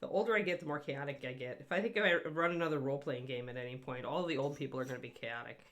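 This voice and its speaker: A woman's voice: a bass voice, racing. A woman hosting a casual livestream painting tutorial from home, chatty and rambling, laughing often. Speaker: host and miniature painting instructor.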